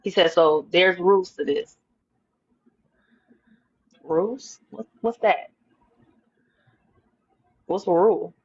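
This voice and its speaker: A woman telling a lively personal story in an interview, acting out her own thoughts and the other people's words. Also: on the low side, slow pace, long pauses, slightly rough, dull audio. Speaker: interview guest. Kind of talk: animated storytelling.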